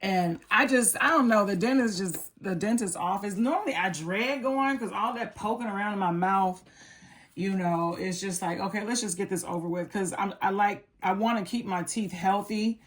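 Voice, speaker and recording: A woman chatting casually and relaxed with frequent ums and likes as she walks through a nail art tutorial. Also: medium pitch, moderate pace. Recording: electric nail file buzzing behind.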